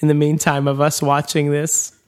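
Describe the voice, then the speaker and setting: A man's voice: on the high side, completely flat delivery, moderate pace. Young man joking in casual podcast chat. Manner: jokey, breaks into mimicked voices. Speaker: podcast co-host.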